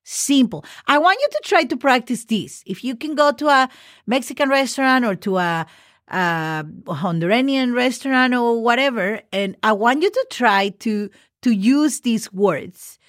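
A woman's voice: on the high side, expressive, a little slow, no echo, studio quality. Patient woman teaching Spanish phrases. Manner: patient, repeats phrases and spells words letter by letter; switches between English and Spanish. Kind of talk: podcast language lesson.

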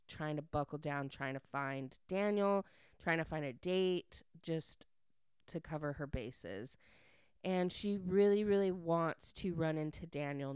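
A woman's voice: sits low, clear, resonant tone, no room sound. A woman casually recapping a story plot to her viewers, chatty and full of "like" fillers.

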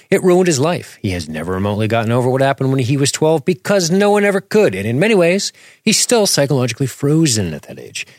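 A man's voice: medium pitch, no echo, studio quality. A man co-hosting a casual commentary podcast, rambling and searching for words as he talks. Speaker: podcast co-host.

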